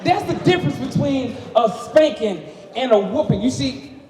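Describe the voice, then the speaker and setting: High-pitched animated man doing stand-up. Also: normal speed, background noise. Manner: animated, punchy, rhetorical asides to the crowd. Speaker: stand-up comedian. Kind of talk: stand-up comedy set. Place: comedy festival stage before a live audience. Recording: echoey hall, crowd laughing.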